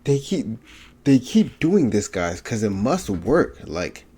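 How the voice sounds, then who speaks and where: A man's voice: medium pitch, very animated, slow pace, warm tone, slightly rough. A man hosting a reaction video, commenting casually and often saying "bro". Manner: casual, says "bro" a lot.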